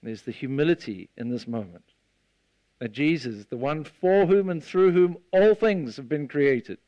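A man preaching a sermon, retelling a scene with lively storytelling and acting out the voices of the people in it. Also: on the high side, unhurried, dry recording, muffled recording. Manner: animated storytelling, acts out the disciples' voices.

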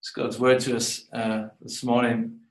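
A man delivers a scripture reading and sermon in a reflective, circling manner, restarting and repeating words as he works toward each point. His voice sits at a middle pitch. It carries from some distance across an echoing church sanctuary. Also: level tone, unhurried. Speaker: preacher. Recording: echoey room, voice from a distance.

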